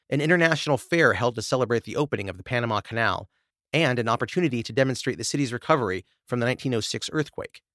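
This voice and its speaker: A man's voice: mid-range voice, a bit bright, dry recording, studio quality. A man hosting a podcast, reading researched history and then chatting loosely with laughs and stumbles. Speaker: podcast host reading the story. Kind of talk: scripted narration with casual asides.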